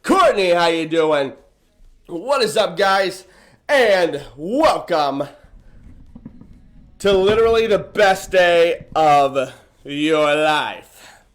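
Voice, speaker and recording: A man with a high-pitched voice hosts a hyped-up motivational livestream. He talks with bursting energy, repeats chants over and over, and coaches his viewers through arm swings and stretches. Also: very slow, long pauses. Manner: energetic, hype, repetitive chants, leads viewers in movement.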